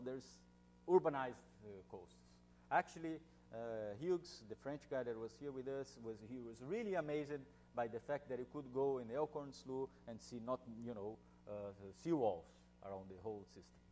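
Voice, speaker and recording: A man's voice: mid-range voice, darkish tone. A man with a Brazilian Portuguese accent giving an academic seminar talk, speaking informally with jokes, many fillers and restarts.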